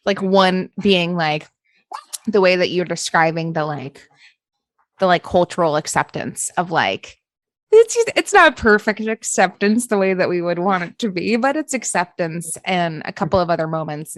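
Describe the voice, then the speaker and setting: With a fairly low, slightly bright voice and no echo on the recording, an Appalachian woman interviews a guest on her podcast. Her talk is earnest and casual, heavy on "like" fillers, with the odd curse.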